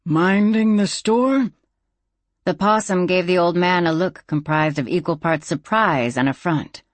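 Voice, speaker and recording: Steady, dry audiobook narrator. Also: mid-range voice, normal speed, no echo.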